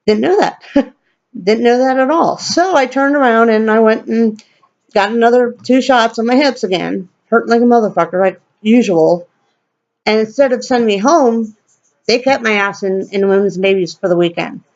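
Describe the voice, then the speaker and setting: A woman's voice: fairly high pitch, moderate pace, a little mellow, muffled recording. A woman vlogger telling a personal story in a blunt, profane, rambling way.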